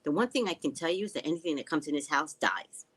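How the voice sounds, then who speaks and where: A woman's low-pitched, husky voice moves fast as she streams live and casually from home. She reads viewer comments out loud and tells stories with animated sarcasm and plenty of swearing.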